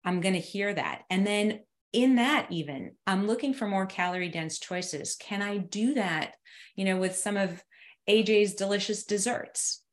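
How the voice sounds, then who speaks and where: A woman's voice: mid-range voice, a little slow. A woman, a doctor, talking reflectively on a podcast and posing questions aloud. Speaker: doctor and co-author. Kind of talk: casual podcast conversation.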